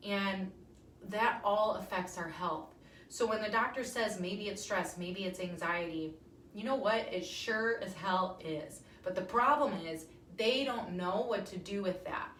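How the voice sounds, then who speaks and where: A woman's voice: mid-range voice, measured pace, fairly bright tone, a little hiss or hum. A woman in her thirties hosting a casual live talk to viewers, chatty and emphatic with frequent ums. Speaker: wellness talk host. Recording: roomy echo, somewhat far from mic.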